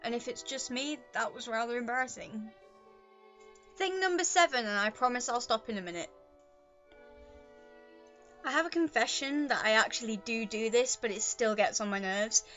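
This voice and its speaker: This vlogger's voice is a little high, moving at a moderate pace with frequent pauses, and the sound is lo-fi. She talks casually to the camera at home, a pet on her lap, in a rambling, chatty monologue full of self-deprecating remarks. Soft choir music is in the background.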